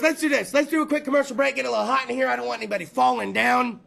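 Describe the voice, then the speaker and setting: A male podcast host telling a rambling, profane story in a loud casual chat, repeating phrases and breaking into shouts. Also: extremely high pitch, fairly even intonation, rapid-fire, vocal fry, hardly any pauses, slight background noise.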